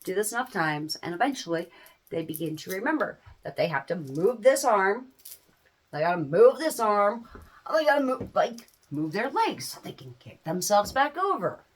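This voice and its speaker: A middle-aged woman talking casually to parents in a folksy, animated way, laughing often. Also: mid-range voice, normal speed, breathy edge. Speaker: small business owner giving parenting advice. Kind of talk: casual chat to camera.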